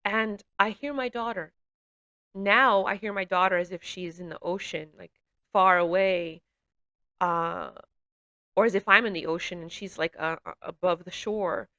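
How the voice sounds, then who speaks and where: Woman sharing a near-death story, bright clear tone, halting and emotional, lots of ums. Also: mid-range voice, lo-fi sound. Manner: hesitant, halting, with many fillers and restarts. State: emotional, runny nose. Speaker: testimony speaker. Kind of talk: personal testimony, reflective storytelling.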